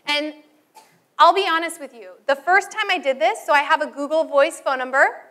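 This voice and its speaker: Bright, high-voiced woman teacher. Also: normal speed. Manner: animated storytelling, acts out students and calls. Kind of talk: teacher training talk.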